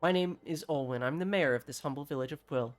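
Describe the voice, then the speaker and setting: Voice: medium pitch, fast, natural voice. A streamer reading out a frantic, over-polite woman mayor of a village from a game, with a put-on voice. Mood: flustered polite. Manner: frantic, then falsely composed and over-polite. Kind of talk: reading game dialogue aloud.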